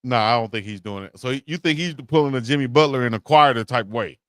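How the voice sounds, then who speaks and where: A man's voice: mid-range voice, fast talker, no echo, studio quality. A man co-hosting a live sports talk stream, earnestly defending his team. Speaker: co-host. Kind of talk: casual sports debate. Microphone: live stream setup.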